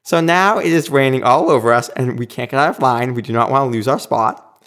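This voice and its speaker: A man recounting a personal story in a relaxed, chatty way. His voice sits at an ordinary middle pitch. He jumps into voicing the people in his tale with plenty of energy. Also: fairly quick. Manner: animated, acts out quoted lines. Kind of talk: casual anecdote telling.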